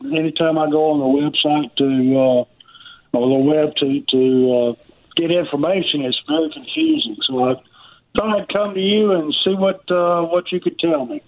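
An older man calls in over a tinny phone line. His voice sits a bit high, and he speaks haltingly, with many pauses while he searches for words. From Alabama. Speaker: caller.

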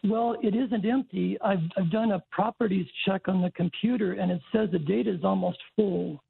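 A man from New Mexico calling a tech radio show, speaking slowly and politely. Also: sits high, steady tone, vocal fry, breathy edge. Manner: slow, careful, polite. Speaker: caller. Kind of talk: call-in radio chat. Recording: tinny phone line.

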